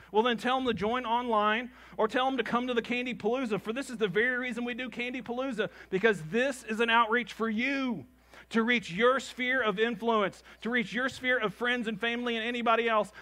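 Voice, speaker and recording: A pastor preaching with a high, bright voice. He is animated and drives his points home by repeating short phrases. He also acts out the people in his stories. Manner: calls the congregation "gang". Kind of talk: sermon.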